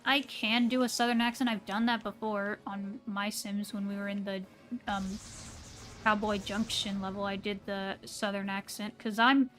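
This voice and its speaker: A woman's voice: medium pitch, flat delivery, normal speed, fairly bright tone. Chatty American woman streaming a game. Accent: standard American. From American South. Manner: rambling, hesitant with many fillers. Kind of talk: casual live-stream chat while gaming.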